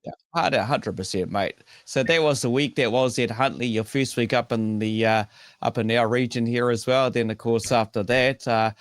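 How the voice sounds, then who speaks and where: A man's voice: medium pitch, no room sound, clean studio sound. A man co-hosting a racing show, easygoing and mostly chipping in briefly. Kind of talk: casual chat.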